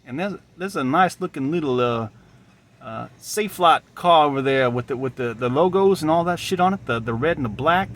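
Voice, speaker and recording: A man's voice: fairly high pitch, expressive, a little fast, a bit bright, a little hiss or hum. Rambling man musing outdoors. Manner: meandering, musing, repeats himself. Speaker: vlogger. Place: outdoors by a gas station.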